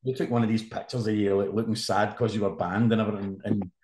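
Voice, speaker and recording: A man in his fifties, a sports journalist guest, telling animated anecdotes in casual conversation. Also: lowish voice, fast talker. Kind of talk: casual storytelling. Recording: roomy echo.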